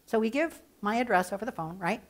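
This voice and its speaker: A woman leading an advocacy training workshop, talking with playful humor and mock excitement through a headset mic. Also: on the high side, fast talker. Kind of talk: workshop presentation. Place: training room.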